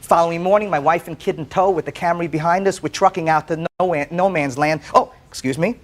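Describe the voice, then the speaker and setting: A man testifying as plaintiff on a courtroom show, telling his story in an animated way, often stammering and repeating words. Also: fairly high pitch, fairly quick. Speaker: plaintiff in a TV small-claims case. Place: TV courtroom set.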